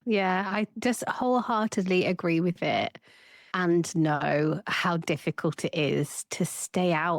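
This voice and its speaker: Woman therapist chatting on a podcast, lowish voice, bouncy, dry sound. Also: takes it slowly, no echo. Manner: lively, acts out her own inner voice. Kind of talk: casual podcast chat.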